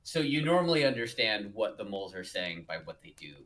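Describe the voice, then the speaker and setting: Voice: mid-range voice, sing-song, brisk, a bit bright. A podcast co-host chiming in with jokes and laughs during a casual book review chat.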